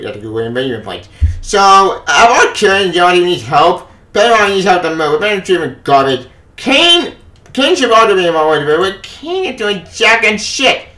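A man giving a furious, profane rant on a comics news vlog, often shouting. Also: a little high. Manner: angry, profane ranting with frequent shouting. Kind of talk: ranting opinion vlog. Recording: echoey room, voice off-mic.

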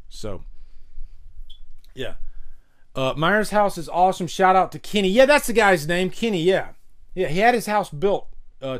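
Chatty man hosting a live stream. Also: fairly high pitch. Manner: chatty and enthusiastic, many fillers and restarts. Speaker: host of a live stream show. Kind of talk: casual live stream chat, reading chat comments.

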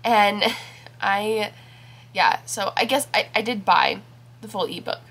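Speaking slowly in a creaky, fairly bright, medium-pitched voice, this woman vlogs casually about her reading and her week. She rambles, using many fillers, while sounding congested and scratchy in the throat.

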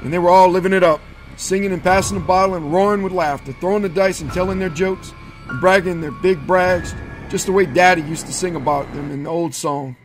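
A man reads a horror story aloud, measured and steady. His voice sits a bit high for a man. Quiet music plays faintly behind the narration. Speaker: audiobook narrator.

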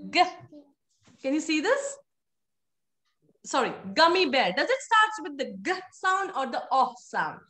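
A woman's voice: high voice, big pitch swings, unhurried, pauses often, sharp tone. A woman teaching a live online phonics class to young children, encouraging and playful in a sing-song way.

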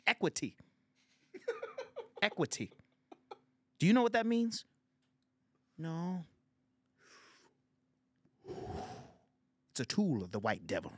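Casting: a man playing a boastful, smooth-talking old neighborhood man, slow drawl, lively pitch, dry close sound. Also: dry recording. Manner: slow, drawling, preachy advice-giving.

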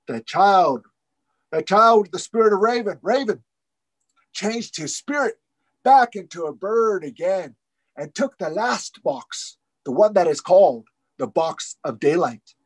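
A male storyteller with a fairly high voice, telling a traditional tale in rhythmic, repeating phrases. The sound is dry and close, with no room around it. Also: lively intonation, unhurried, no echo, low-quality recording. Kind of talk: oral storytelling.

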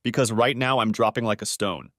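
A man's voice: medium pitch, fairly quick, a bit bright, no echo, studio quality, lightly acted. A man narrating an audiobook, voicing a dejected, sarcastic man down on his luck in a gloomy, muttering voice.

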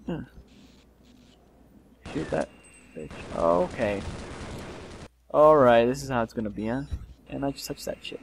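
A young man giving casual let's play commentary, swearing and yelling in frustration as he plays. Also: mid-range voice, animated, moderate pace, creaky, pauses often, slight background noise.

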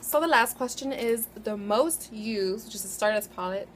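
A woman's voice: medium pitch, animated, normal speed, slight background noise. A young woman vlogger talking casually about makeup palettes, chatty and rambling, correcting herself as she goes. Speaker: beauty vlogger. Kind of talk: casual chat.

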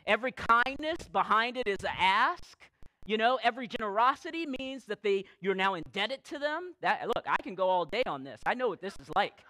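A man preaches from the pulpit, his voice moving freely up and down in pitch. He tells candid stories with dry, self-mocking humor, then slows to press key phrases home. The sound is dry and close. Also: lively intonation, pushed and bright, no echo, low-quality recording. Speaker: pastor. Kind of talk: sermon. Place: church service, recorded live.

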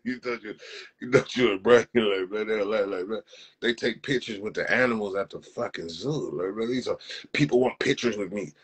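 A man's voice: fairly low pitch, fairly quick, husky, poor audio. A young man from Compton with a Southern California accent, ranting animatedly on a livestream in slang with a lot of swearing. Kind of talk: casual livestream rant.

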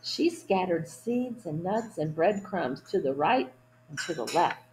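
Woman storytime reader, picture-book read-aloud, gentle asides to children. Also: lowish voice, expressive, a little slow, echoey room, background noise. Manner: gentle asides to young listeners.

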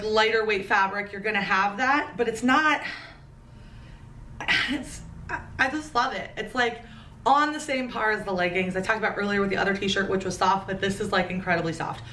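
A woman's voice: medium pitch, pushed and bright, slight background noise. A woman vlogger chatting casually through a try-on haul, gushing and playful with jokey asides. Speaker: fashion vlogger. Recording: roomy echo, a bit far from the mic.

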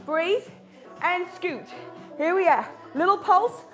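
Upbeat female fitness instructor, very high voice, encouraging live workout coaching over faint music. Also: lively intonation, takes it slowly, fairly bright tone. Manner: upbeat, encouraging cues, chats to her dog. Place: home.

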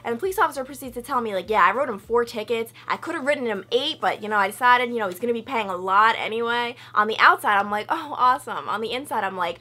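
A young woman vlogging, telling a story in a chatty, animated way and acting out quotes with loud high outbursts. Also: fast, hardly any pauses. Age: young adult. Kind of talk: casual storytelling vlog.

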